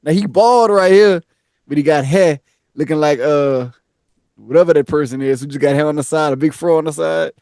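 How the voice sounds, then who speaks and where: Man, podcast co-host, animated storyteller, high voice, gravelly, dry close sound. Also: moderate pace, dry recording. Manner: laughs often, acts out every character.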